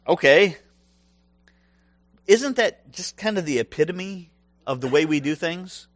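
A man preaching a sermon, animated and humorous, acting out voices from the stories he tells. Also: on the high side, measured pace, dry recording. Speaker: pastor.

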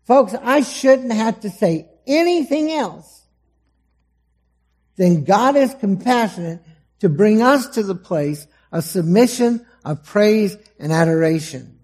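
A man preaching a sermon to a congregation, dramatic, acting out the voices he quotes and swinging between loud emphasis and soft, low asides. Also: lively intonation, takes it slowly. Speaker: pastor. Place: church hall before a congregation.

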